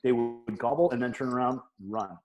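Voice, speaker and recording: Man, podcast guest, rambling and wry storyteller, mid pitch. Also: normal speed, lo-fi sound, soft background music. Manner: rambling storyteller, wry about his own failures. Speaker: guest hunter. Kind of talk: casual podcast chat.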